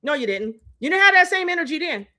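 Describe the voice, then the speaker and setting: A woman's voice: high-pitched, very animated, quick pace, bright, forceful tone. Heated, profane woman ranting on a live stream. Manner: heated, profane, rhetorical and repetitive. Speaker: host. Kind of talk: live-stream commentary rant. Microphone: phone live stream.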